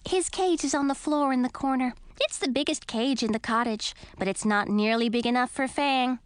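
A woman voicing a bossy, talkative female bat, high and teasing. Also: normal speed, no echo, close to an everyday voice. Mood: chatty.

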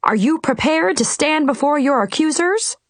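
Woman doing a stern, pompous storybook wizard, booming and dramatic, lively pitch. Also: normal speed, dry recording. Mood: proclaiming. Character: pompous, stern male wizard of a fairy kingdom.

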